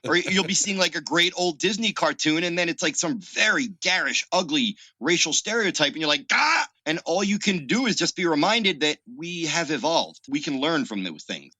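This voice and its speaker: A man chatting on a podcast as a guest film critic, opinionated, with animated asides. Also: a little high, normal speed, few pauses, dry recording. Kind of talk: casual podcast chat.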